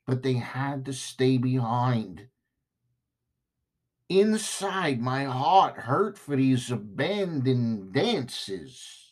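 A man putting on an over-sincere male disco singer with a back-east American accent, drawling slowly and heartfelt with swooping pitch. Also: a little mellow, full character voice. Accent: back east American, put on.

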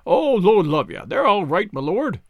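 A man's voice: high-pitched, big pitch swings, normal speed, no echo, heavily acted. A man reading aloud, voicing a jovial, deferential old English innkeeper with folksy, rustic speech. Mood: eager.

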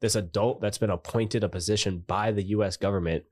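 A man co-hosting a podcast, rambling through a relaxed explanation. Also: lowish voice, fairly quick. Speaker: podcast co-host. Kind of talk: casual chat.

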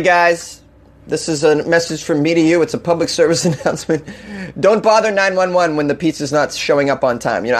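A man hosting a casual comedic news show, reading odd stories and ranting irreverently with frequent laughter. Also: high-pitched. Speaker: news podcast host.

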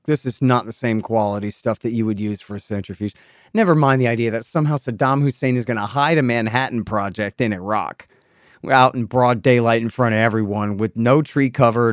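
A man hosts a political interview in a slightly high, smooth, resonant voice. He rants with sarcasm, dropping to quiet asides and then bursting out loud. The sound is dry and close. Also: no echo. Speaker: host.

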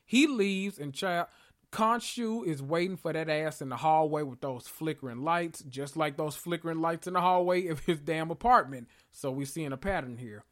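A man's voice: a little high, moderate pace. A man casually recapping a TV episode, sassy and profane, telling it like gossip. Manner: sassy, profane, animated storytelling with slang.

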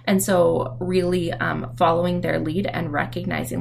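A woman's voice: lowish voice, flat delivery, normal speed, gravelly, few pauses, a little hiss or hum. A mother giving candid, reflective parenting advice in a casual, frank way. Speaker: parenting speaker.

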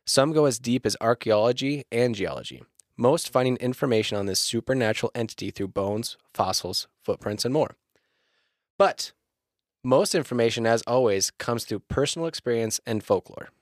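A man co-hosting a podcast among friends, loose and profane, laughing easily. His pitch jumps around a lot. The sound is dry and close. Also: animated, a little fast, dry recording. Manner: swearing, laughing, playful. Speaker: podcast co-host leading the episode. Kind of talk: casual podcast chat.

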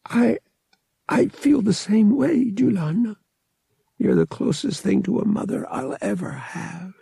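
A man voicing a stubborn, earnest young human man, pitching his voice high and strained. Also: animated, slow pace, creaky, mellow, slightly rough, no echo, studio quality, full character voice. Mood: tender.

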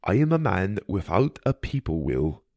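A man voicing a gruff male fairy mentor who talks low and quiet with dry teasing. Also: big pitch swings, normal speed, no room sound, full character voice. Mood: guarded.

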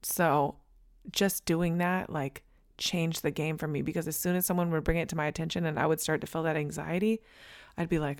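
Candid, emphatic woman with a low voice. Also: fairly quick. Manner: candid and emphatic, casual swearing and fillers. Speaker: vlogger. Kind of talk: motivational talk to camera.

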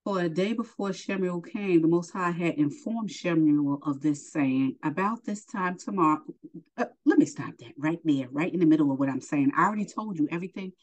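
A woman's voice: fairly low pitch, a little fast, a little mellow, low-quality recording. A woman teaching a Bible lesson, reading scripture aloud and stopping to explain it in casual asides.

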